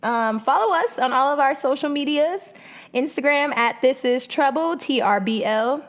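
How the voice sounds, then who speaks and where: A woman with a somewhat high voice co-hosts a casual podcast. She talks candidly and profanely, with easy laughter in the banter. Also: lively intonation, normal speed. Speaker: podcast co-host. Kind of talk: casual chat. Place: hot room, recorded on camera.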